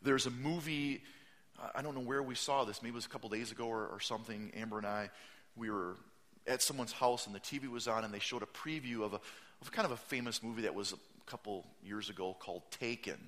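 A man preaching a sermon as pastor, telling stories animatedly, acting out quotes and raising his voice to a shout for emphasis. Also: mid-range voice, fairly quick.

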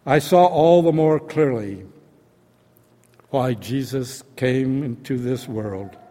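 Man preaching real slow and deliberate, big echoey church sound. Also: medium pitch, warm tone. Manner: slow, deliberate, dramatic retelling. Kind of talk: sermon storytelling. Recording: long hall reverb.

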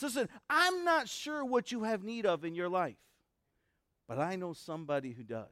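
A man's voice: high-pitched, animated, normal speed, fairly bright tone, no room sound, clean studio sound. A middle-aged man preaching a conversational sermon, asking the congregation questions with many fillers and restarts. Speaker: pastor. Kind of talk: sermon with a told joke.

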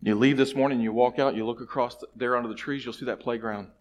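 A man's voice: medium pitch, fairly even intonation, quick pace, slight background noise. Man preaching a storytelling sermon. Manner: storytelling, shifting from hushed to loud and emphatic. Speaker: pastor. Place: church sanctuary.

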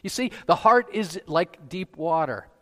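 A man preaching a sermon as pastor, asking rhetorical questions and rising to loud emphasis. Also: on the high side, animated, measured pace, long reverb tail. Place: church sanctuary.

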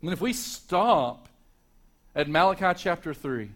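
A male pastor delivering a Sunday morning sermon, rising to loud emphatic peaks and dropping to hushed, quiet passages. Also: on the high side, lively intonation, unhurried. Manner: dynamic preaching, swinging from loud to hushed.

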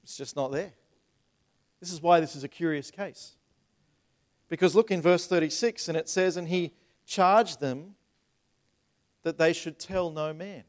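Pastor, male, fairly high voice, animated sermon delivery that repeats words and acts out voices. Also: unhurried, pauses often. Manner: acts out voices in retold scenes.

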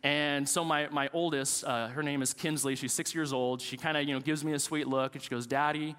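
Bright-voiced pastor preaching in a reverberant hall. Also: male voice, a little high, steady tone, fairly quick, clear, resonant tone. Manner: casual, joking storytelling preacher. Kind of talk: sermon.

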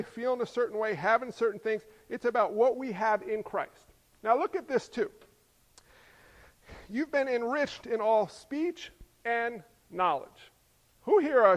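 A man preaching a sermon as pastor, lively and joking, peppering the congregation with rhetorical questions. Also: extremely high pitch, moderate pace. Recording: long hall reverb.

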